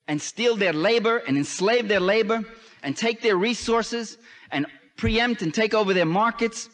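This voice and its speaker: A man giving a political lecture, emphatic, with sweeping rises and drops in pitch. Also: a little slow, a bit bright. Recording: long hall reverb.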